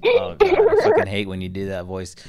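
A man's voice: low voice, huge pitch swings, a little fast, crowd noise. A young man hosting a podcast, casual, teasing and rambling with some swearing. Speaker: podcast host. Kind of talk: casual chat.

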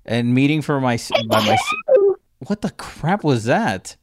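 A man's voice: mid-range voice, big pitch swings, a little slow. A young man hosting a podcast, casual, teasing and rambling with some swearing. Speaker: podcast host. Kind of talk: casual chat.

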